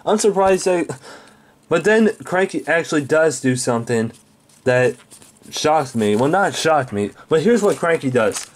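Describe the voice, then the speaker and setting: A man's voice: a little high, animated, a little slow. A man reviewing a cartoon episode in an angry, exasperated rant full of swearing. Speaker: show reviewer.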